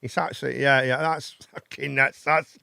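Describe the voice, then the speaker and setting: A man's voice: medium pitch, fairly even intonation, normal speed, vocal fry, sharp tone, no room sound, clean studio sound. A man hosting a casual chat show, rambling and swearing between laughs. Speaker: host.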